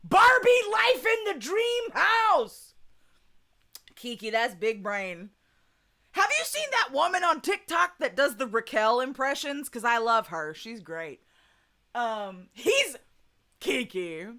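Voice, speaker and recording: A woman's voice: high-pitched, very animated, slow pace, pushed and bright. A young woman with a Southern US accent chatting casually on a live stream, laughing often and swearing freely. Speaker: streamer chatting with her chat.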